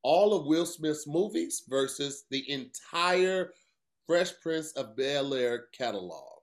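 Animated man hosting a chat podcast. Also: a little high, slow pace. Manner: animated, acts out quotes. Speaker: podcast host. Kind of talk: casual chat.

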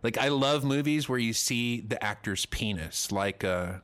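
A man's voice: medium pitch, animated, measured pace, a bit bright. A man in his forties, co-hosting a casual comedy chat, rambling and self-deprecating with crude jokes. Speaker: podcast co-host.

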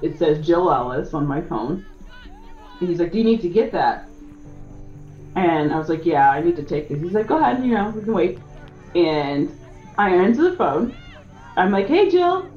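A young woman, a soccer player, retelling a personal story in an interview, with lively acted quotes. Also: deep voice, moderate pace, pauses often, lo-fi sound, faint music behind.

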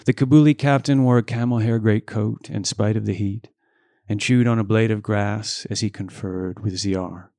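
A man's voice: fairly low pitch, moderate pace, hardly any pauses, dry recording, studio quality. A man reading a novel aloud in a casual way, shifting his voice for the dialogue. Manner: reads dialogue with lively voice changes and joking asides.

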